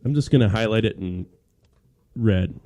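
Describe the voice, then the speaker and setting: Young guy with a hoarse voice, dark and mellow, complaining on a sports podcast. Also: fairly low pitch, normal speed. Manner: ranting, exasperated. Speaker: podcast co-host. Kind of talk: casual sports podcast chat.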